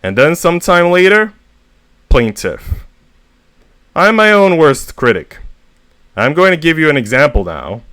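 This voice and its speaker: A man reading humorous short stories aloud with a deadpan comic delivery, as a VTuber reader. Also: fairly high pitch, a little slow, pauses often, smooth, no echo.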